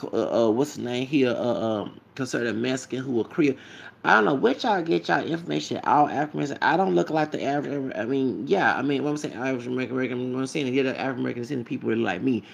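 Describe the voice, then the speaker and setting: A man's voice: mid-range voice, fast, vocal fry, lo-fi sound. A man ranting casually to his camera as a vlogger, rambling and repetitive, with emphatic asides.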